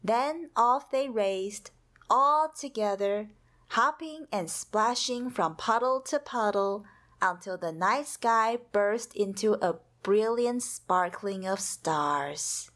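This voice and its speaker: A woman reading a children's storybook aloud with an expressive, soothing delivery. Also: medium pitch, takes it slowly. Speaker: storybook reader.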